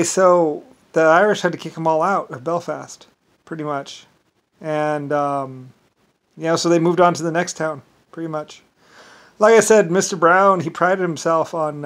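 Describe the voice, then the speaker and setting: A man speaking in a rambling, casual monologue, meandering and halting, with many fillers and restarts. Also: a little high.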